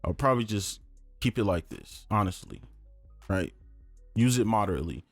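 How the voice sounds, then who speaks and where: A young man walks through beat production in a casual screen-recorded tutorial, talking at a moderate pace in a fairly low voice. The recording is dry with faint background music, and his delivery is conversational and relaxed, full of "um" and "right?".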